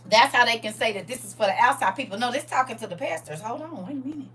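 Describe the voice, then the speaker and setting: A woman hosting a live-streamed Bible study, preaching in a lively, playful way and answering viewers' comments. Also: fairly high pitch, fast talker, breathy edge.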